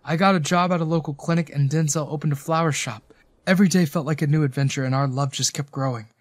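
A man's voice: a little high, steady tone, fast, no echo. A man narrating a first-person romance story in an earnest, emotional manner.

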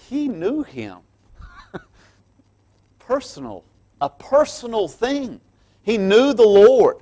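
A man preaching a sermon as pastor in a church, swinging from quiet asides to loud, emphatic passages and laughing between lines. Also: sits high, big pitch swings, slow, pauses often.

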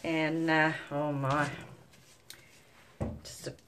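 In a deep, slightly bright voice with a level tone, a young woman from Newfoundland, Canada, talks very slowly to camera. She's a mother and vlogger with a thick Newfoundland English accent. Her casual monologue rambles through stories, full of free swearing and frequent laughter.

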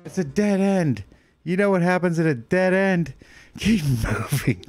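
Excitable man narrating a game. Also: sits high, a little slow, soft background music. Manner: excitable, panicky, talks to himself. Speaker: let's play host. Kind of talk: live game commentary.

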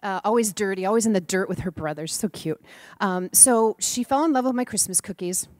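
Middle-aged woman, lively sermon storyteller, dry close mic. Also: medium pitch, a little fast, dry recording. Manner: animated storyteller, acts out voices, laughs often. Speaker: student minister giving a talk.

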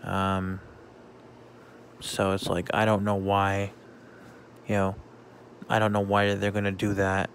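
Slow, gravelly-voiced man vlogging. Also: low voice, completely flat delivery, a little hiss or hum. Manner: slow, halting, many fillers and restarts. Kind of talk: casual rambling vlog.

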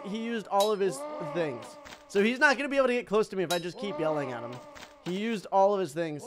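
A man giving casual let's-play commentary as a streamer, excitable and crying out loudly at the game. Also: high voice, fast, background noise. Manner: excitable, yelps and cries out at the game. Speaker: gaming streamer. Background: game music.

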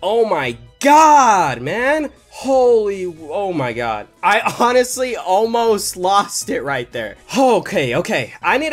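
Hyped dude opening card packs, voice swings all over, music faint in the back. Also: male voice, sits high. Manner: hyped, slangy, shouts and laughs in bursts. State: voice cracking. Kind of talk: excited unboxing vlog.

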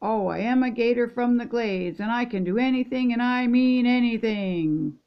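A woman voicing a bouncy, bossy girl alligator, chirpy and loud, on a dull lo-fi recording. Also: a little high, moderate pace, close to an everyday voice. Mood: singing.

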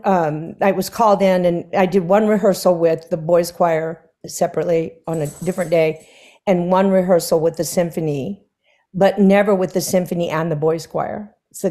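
With a voice a little low for a woman, a singer chats as a guest in a stage conversation before an audience. Her conversational anecdotes are animated, and she slips into the voices of the people she quotes, laughing along the way.

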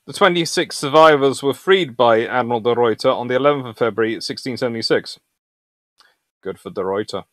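A man hosting a naval history livestream, chatting with viewers in an animated, jokey way. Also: medium pitch, a little fast, no room sound. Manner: animated and jokey, puts on silly voices for nations. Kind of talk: live stream talk answering chat.

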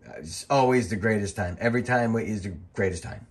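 Over old wrestling footage, a middle-aged ex-referee gives a loose, chatty voice-over in a slightly low voice. He rambles from one story to the next, cursing casually and getting worked up fast.

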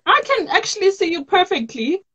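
A high-pitched woman from South Africa hosts a chat show over a video call. She laughs readily and gushes, repeating words as she goes. The audio is dull and muffled. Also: sing-song, a little fast, a bit bright. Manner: laughs often, effusive and repetitive. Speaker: host.

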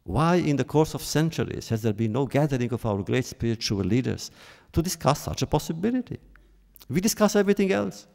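Solemn man lecturing with a gravelly voice. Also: medium pitch, expressive, darkish tone. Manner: solemn, measured, with emphatic rises on key words. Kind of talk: formal public lecture.

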